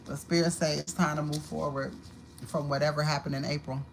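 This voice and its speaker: A woman's voice: sits low, little pitch movement, a little fast, creaky, a little hiss or hum, low-quality recording. A woman giving a live-streamed tarot card reading at home, talking in a blunt, profane and repetitive way. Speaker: tarot reader. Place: home apartment.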